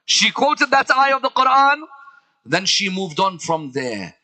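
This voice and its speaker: A man delivering a dramatic sermon, swinging between loud outbursts and hushed lines and asking the audience rhetorical questions. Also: very high voice, expressive, unhurried, poor audio. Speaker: preacher.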